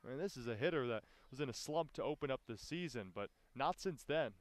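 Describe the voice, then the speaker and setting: A man calling live baseball play-by-play, with his voice climbing sharply in pitch and volume on big plays. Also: lively intonation, brisk, dry recording. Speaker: play-by-play announcer.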